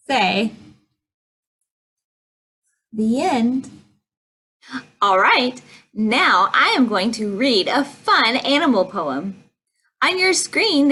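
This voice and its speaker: A woman librarian reading picture books aloud at a preschool storytime, slow and sing-song, breaking into animal noises. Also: on the high side, fairly bright tone, breathy edge. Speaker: children's librarian.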